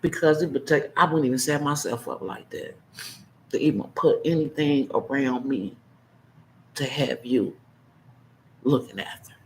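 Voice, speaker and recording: A man in his fifties delivering an unscripted, emotional monologue as a vlogger, blunt and impassioned, swinging between heated outbursts and hushed, choked-up asides. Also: mid-range voice, a little slow, pauses often, slight background noise, poor audio. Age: 50s.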